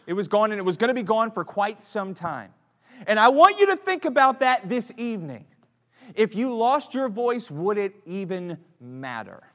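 Man preaching a sermon, high and very expressive, swinging from hushed to loud, reverberant church. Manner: dramatic swings between hushed and loud emphatic delivery. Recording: church sanctuary with long reverb.

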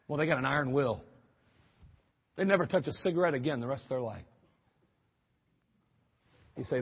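Man, preacher, high husky voice, animated sermon delivery, long hall reverb, dull muffled recording. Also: fairly quick, pauses often. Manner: animated, acts out quoted voices with exclamations.

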